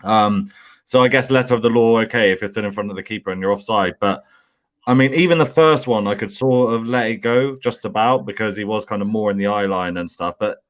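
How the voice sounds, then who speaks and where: A man co-hosts a fan chat in a fairly low voice. He talks in a measured way, thinking aloud with frequent ums and restarts. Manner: measured, hesitant, lots of ums. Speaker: fan channel co-host. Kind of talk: post-match fan reaction chat.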